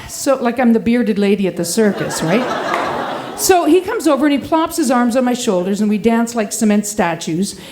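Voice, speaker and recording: A woman in her fifties telling a personal story on stage at a live storytelling event, animated and laughing as she acts out the people in it. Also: on the high side, moderate pace, noisy background.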